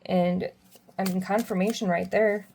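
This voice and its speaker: A young woman giving a casual tarot reading, chatty and quick to laugh as she reads the card messages aloud. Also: medium pitch, fairly even intonation, vocal fry, a little mellow, slight background noise. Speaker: tarot reader.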